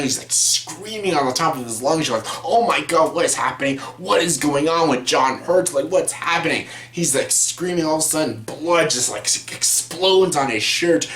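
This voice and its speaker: An eager man speaks in a middle-pitched voice, rambling casually through his favorites with plenty of fillers and restarts. His voice bounces around a bare, echoey room. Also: fairly bright tone, a little hiss or hum. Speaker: movie reviewer. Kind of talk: casual vlog talk.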